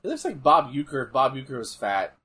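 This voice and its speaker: A man chatting casually and joking while watching wrestling, excitable and quick to laugh. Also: medium pitch, slightly rough. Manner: jokey, excitable, bursts into loud laughs. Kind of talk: casual watch-along chat.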